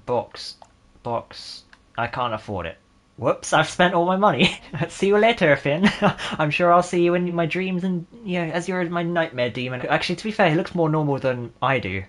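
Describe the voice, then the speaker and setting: A young man in his twenties hosts a let's-play of a game, with sarcastic and jokey commentary. His voice sits a little high, and he often breaks into laughter between dry remarks. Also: moderate pace, a bit bright. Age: 20s. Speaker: gaming channel host.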